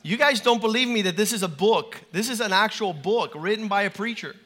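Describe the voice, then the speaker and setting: A man preaching a lively sermon in a church to a large congregation, animated and playful, leading call-and-response. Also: high-pitched, brisk, a little hiss or hum.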